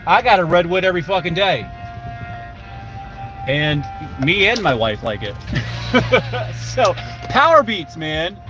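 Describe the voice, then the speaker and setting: A man's voice: sits high, sing-song, takes it slowly, long pauses, music in the background, low-quality recording. An older man rambling in a casual live-stream chat while driving, swearing freely and talking to his viewers by name.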